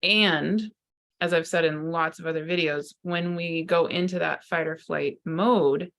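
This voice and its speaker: A woman's voice: deep voice, fairly even intonation, measured pace, fairly bright tone. A woman, a psychotherapist and spiritual teacher, talking to camera in an earnest, searching way, often restarting her sentences. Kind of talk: unscripted spiritual talk to camera.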